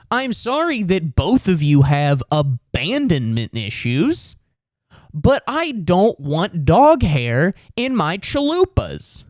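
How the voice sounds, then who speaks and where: High-pitched and slow, with wildly swooping pitch, a young male podcast host goes on a comedic rant full of sarcasm, exasperation, and swearing, putting on voices for anyone he quotes. It's a clean studio recording with no room sound.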